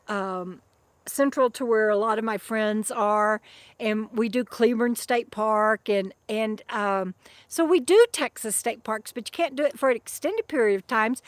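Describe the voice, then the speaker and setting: A chatty middle-aged woman with a fairly high voice rambles through a casual livestream, stumbling over her restarts as she answers viewers. She talks close to the mic, with a dry sound and little room around her. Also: no room sound. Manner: rambling and chatty, with many restarts and fond asides to her dog. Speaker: vlogger and author living in a van. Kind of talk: casual livestream chat reading viewer comments.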